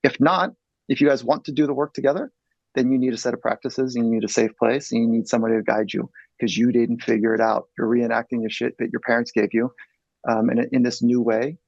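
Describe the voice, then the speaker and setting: A man's voice: mid-range voice, little pitch movement, fast, creaky, a little mellow, no room sound, highs cut off. A man in his fifties, a psychologist guest, telling a personal story in an earnest, blunt way and swearing freely.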